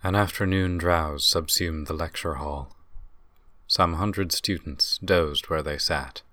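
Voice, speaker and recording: Very deep male narrator for a fantasy audiobook: measured and descriptive, dry close mic. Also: steady tone, bright, forceful tone, no echo.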